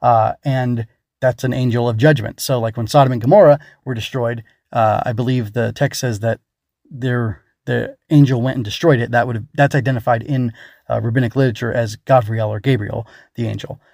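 A man's voice: mid-range voice, steady tone, fairly quick, gravelly, a little mellow, dry recording. A man who writes books, talking casually and thinking aloud, rambling with many fillers and self-corrections in a pedantic way. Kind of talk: casual solo talk.

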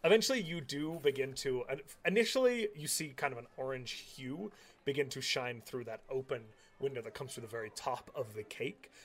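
A man's voice: mid-range voice, animated, fairly quick. A man narrating a tabletop game as game master, describing scenes with many fillers.

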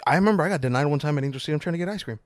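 A man's voice: a little high, animated, no echo. A young man co-hosting a casual podcast, talking in a laid-back, slangy way about work and his car. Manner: laid-back, reacts with quick exclamations. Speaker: podcast co-host. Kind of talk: casual chat.

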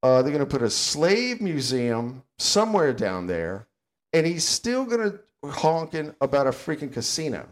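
A man's voice: on the high side, very animated, moderate pace. An older man, co-hosting a casual podcast and ranting bluntly and sarcastically. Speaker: podcast co-host.

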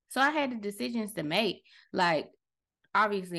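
A woman's voice: on the high side, big pitch swings, moderate pace, a bit bright. A woman hosting a podcast, giving a casual motivational talk and chatting loosely to listeners as "y'all". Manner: loose, conversational, self-correcting. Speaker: podcast host.

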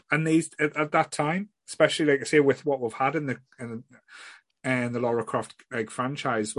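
This is a man at a mid pitch, talking loosely as a podcast host, circling back and restarting his sentences and dropping a swear now and then. His voice sits close and dry, with no room sound around it. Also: dry recording. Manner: rambling, frequent restarts, blunt swearing. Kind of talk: casual chat.

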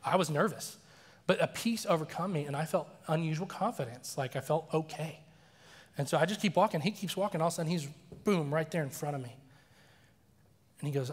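A man preaching a sermon as a story, animated and acting out the voices he quotes. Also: on the high side, a little fast, long pauses, breathy edge. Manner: animated, acts out quoted voices, laughs often. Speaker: pastor. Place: church sanctuary. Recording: long reverb of a large church hall.

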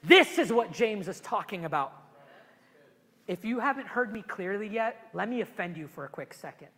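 High-voiced, emotional man preaching. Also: moderate pace, husky, long reverb tail. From immigrated to the US at twelve. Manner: emotional, animated preaching with many restarts. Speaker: pastor. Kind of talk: sermon. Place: church sanctuary.

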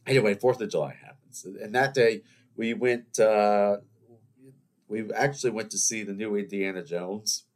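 A young man, hosting a podcast in a casual solo chat. He rambles, jokes at his own expense and talks in an animated way. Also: on the low side, moderate pace. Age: 20s. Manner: animated, rambling, self-mocking. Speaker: podcast host.

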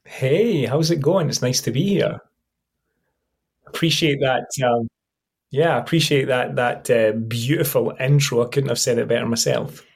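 A Scottish man chatting casually as a podcast guest, relaxed and full of fillers. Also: medium pitch, moderate pace, creaky, few pauses, husky. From Scotland. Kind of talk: casual conversation.

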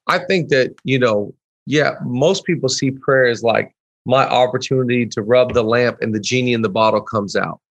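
A man's voice: mid-range voice, normal speed, dry recording. A man, a pastor guest on a podcast, talking earnestly in casual conversation and acting out prayers in quoted voices.

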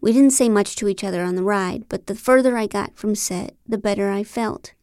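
A woman narrating a novel in the first person, with a wry, deadpan delivery. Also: mid-range voice, a little fast, dry recording, studio quality. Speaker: audiobook narrator.

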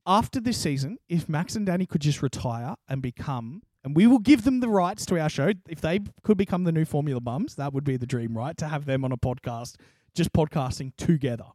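A man's voice: on the high side, a little fast, few pauses, dry recording, studio quality. A young man co-hosting a podcast, telling stories with lots of swearing and laughter. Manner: laughing, animated storytelling, swears freely. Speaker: podcast co-host. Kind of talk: casual chat.

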